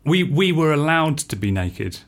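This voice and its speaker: A man, a freelance composer, telling anecdotes in a casual interview, animated and laughing often as he acts out what people said. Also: on the high side, measured pace. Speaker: freelance composer and musician, podcast guest.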